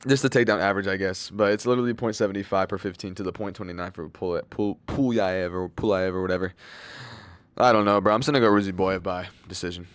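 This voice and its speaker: A man's voice: deep voice, fairly even intonation, quick pace, smooth, no echo. A young man giving casual, rambling fight predictions, loose and slangy, with lots of fillers and swearing. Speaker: MMA fight predictions channel host.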